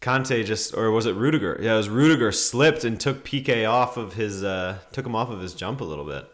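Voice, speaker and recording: A man's voice: on the low side, animated, brisk. A young man hosting a football watchalong stream, chatting casually, reading viewer comments and reacting to the match with laughs and exclamations.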